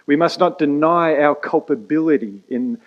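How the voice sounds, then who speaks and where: A man preaching a sermon as pastor, emphatic and pausing for effect. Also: a little high, highs cut off. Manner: emphatic preaching with dramatic pauses and quick asides.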